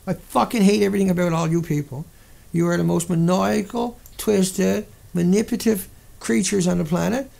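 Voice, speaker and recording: A man's voice: high voice, brisk, vocal fry. A man hosting a livestream, ranting in an indignant, profane, rambling way. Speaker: livestream host. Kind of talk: angry livestream rant.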